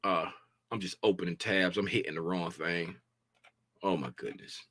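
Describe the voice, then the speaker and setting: A man's voice: sits low, steady tone, moderate pace, bright, forceful tone, no room sound. A man casually walking through trading charts on his screen, talking in a loose, colloquial way and checking in with "right?" after most points. He sounds tired and a bit draggy. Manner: conversational, repeats "right?" often, colloquial speech. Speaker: futures trading educator.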